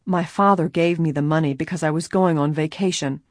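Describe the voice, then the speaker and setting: A woman reading an audiobook, voicing a calm, earnest teenage girl detective. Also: deep voice, brisk, no echo, studio quality. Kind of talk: audiobook character voice.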